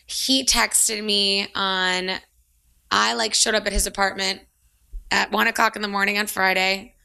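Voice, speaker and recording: A woman's voice: medium pitch, measured pace, vocal fry, smooth. A young woman in her twenties telling a story in casual chat, acting out what people said and using "like" a lot. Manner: animated storyteller, acts out quotes, says "like" often.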